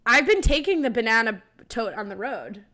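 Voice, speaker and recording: A woman co-hosting a casual podcast, running the segments in a brisk, teasing way. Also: on the high side, big pitch swings, sharp tone.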